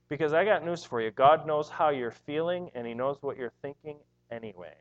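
An earnest man preaching a sermon, emphatic and prone to repeating his words as he presses a point. His voice sits a little high for a man. The recording is dull and lo-fi. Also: moderate pace.

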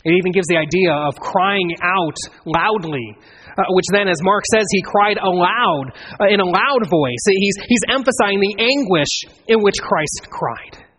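A man preaching an expository sermon in an earnest way, building to emphatic swells and then dropping low. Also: a little slow, fairly bright tone, a little hiss or hum. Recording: long reverb of a large hall.

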